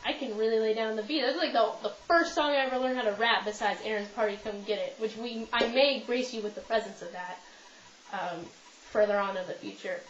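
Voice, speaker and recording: A woman's voice: fairly high pitch, brisk. A young Canadian woman chatting casually to camera in a rambling, self-deprecating way, with many ums and restarts, at home. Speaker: vlogger. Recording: roomy, slightly muffled home video.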